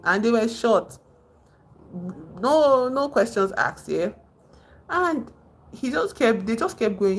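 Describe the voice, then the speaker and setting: A woman's voice: on the low side, slight background noise. A woman with a Nigerian accent hosting a casual livestream, rambling as she retells film scenes and greets viewers in the chat. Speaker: livestream host.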